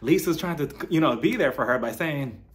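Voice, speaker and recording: A man's voice: on the high side, expressive, brisk. A man recapping a reality show in a casual, gossipy way, laughing often and acting out quotes.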